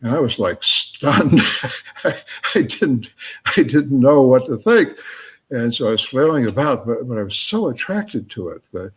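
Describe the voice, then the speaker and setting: A man with a husky, slightly rough voice answers questions at a live talk, sitting at a middle pitch. He speaks haltingly, with lots of fillers, and chuckles as he thinks his answers through. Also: very animated. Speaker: author answering audience questions.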